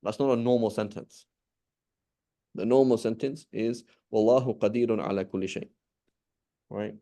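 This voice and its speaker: A man's voice: on the low side, fairly even intonation, moderate pace, warm tone. A man teaching an Arabic language class, patiently asking questions and repeating key points. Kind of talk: live online class teaching.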